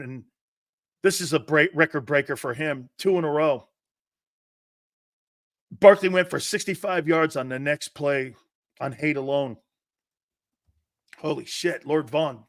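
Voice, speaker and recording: A man hosts a live sports talk show, reading viewer comments and ranting in a brash, profane, fired-up way. His voice is a little high, and the recording is dry and studio quality.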